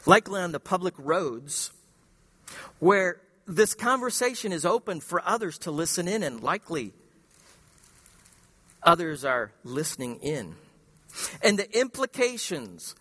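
A male pastor preaching a sermon, emphatic, firing rhetorical questions and swinging between loud and hushed delivery. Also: fairly high pitch, long reverb tail.

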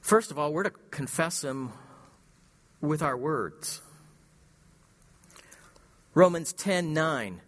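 A male pastor preaching a sermon, emphatic, firing rhetorical questions and swinging between loud and hushed delivery. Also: fairly high pitch, lively intonation, slow pace, pauses often, in a large hall.

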